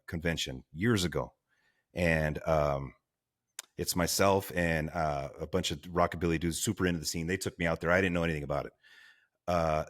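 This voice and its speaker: A man with a very low, deep voice tells a story as a podcast guest. He talks casually and with animation, laughing along and acting out the voices of the people in his story. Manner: animated, laughing, acts out quotes. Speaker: guest, firefighter.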